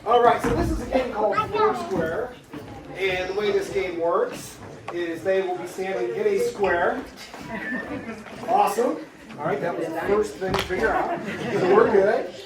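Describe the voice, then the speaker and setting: A man's voice: high-pitched, expressive, a little slow, a loud crowd. A man hosting an improv show, casually explaining a game to a live audience in a theater. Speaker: improv host. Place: theater stage. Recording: roomy stage, far from the mic, noisy.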